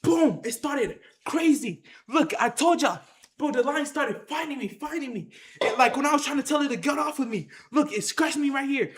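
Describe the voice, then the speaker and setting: A vlogger excitedly telling a story straight to viewers, full of slang and shouted sound effects like "boom". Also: moderate pace, roomy sound. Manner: slangy, addresses the audience directly.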